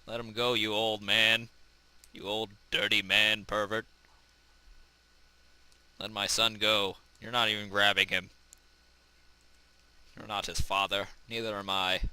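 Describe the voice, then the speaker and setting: A young man giving goofy let's-play commentary in a bright, forceful voice, smooth and clear. The sound is dry and close, from a desk mic. He talks slowly and jokes with viewers. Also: on the low side, flat delivery, no room sound, rough recording. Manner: goofy, shouts in panic when crashing. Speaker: gaming channel host.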